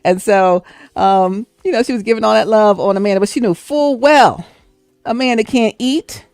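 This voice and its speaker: Gravelly woman telling a story. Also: medium pitch, moderate pace, no room sound, studio quality, soft background music. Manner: chatty and animated, breaks into laughter. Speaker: livestream host. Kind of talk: casual storytelling.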